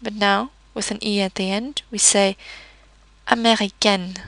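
A woman teaches French pronunciation in a calm, methodical way, walking through rules step by step. Her voice sits in a middle register with a little gravelly fry at the edges. She is recorded close and dry, with no room sound at all. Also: medium pitch, no room sound. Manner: patient, methodical, slows down to model words. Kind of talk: explanatory language lesson.

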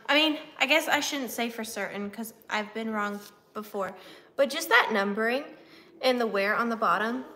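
A woman's voice: fairly high pitch, pushed and bright. A woman hosting a live sale and chatting casually, apologetic, drifting in and out of a British lilt. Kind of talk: casual live-stream chat. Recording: echoey room with faint noise. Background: dog barking.

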